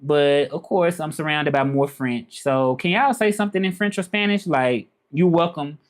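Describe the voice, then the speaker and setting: Man, casual live-stream chat, relaxed, rambling, repeats himself. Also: on the high side, moderate pace. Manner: relaxed, rambling, repeats phrases and asks "you know what I'm saying".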